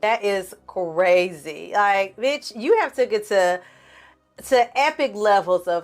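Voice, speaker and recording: A woman hosting a casual TV recap, talking straight to her viewers with slang and cursing and quickly acting out the characters' lines. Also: medium pitch, lively intonation. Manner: acts out the characters' lines in quick put-on voices. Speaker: film and TV recap host.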